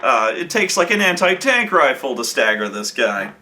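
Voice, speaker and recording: Speaking at normal speed with a mid-range, sing-song voice and a sharp tone, a man tells a profane, meandering story of a tabletop game he ran. He stops and restarts often and acts out what the players said.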